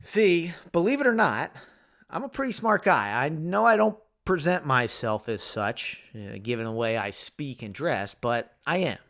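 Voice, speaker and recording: A man's voice: big pitch swings, measured pace, a bit bright. Profane, candid male podcast host. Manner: candid and profane, swinging from heated ranting to low reflective musing. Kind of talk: solo podcast monologue.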